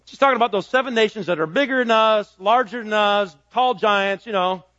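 Male pastor mid-sermon with a high voice; punchy declarations and hushed asides, dull close recording. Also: brisk, no room sound. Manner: emphatic preaching, swinging between ringing declarations and soft low asides.

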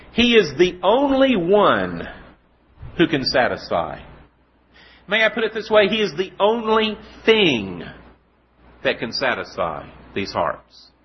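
Lively preacher man, lo-fi recording. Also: high-pitched. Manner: storytelling, rhetorical questions, slow emphatic scripture reading. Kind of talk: sermon. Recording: dull lo-fi recording.

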